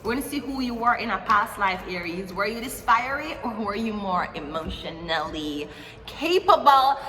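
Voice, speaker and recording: Bright, joking psychic woman. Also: medium pitch, animated, echoey room, big-room sound, slight background noise, low-quality recording. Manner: chatty, joking asides, slow deliberate affirmations. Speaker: psychic tarot reader. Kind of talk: casual tarot reading.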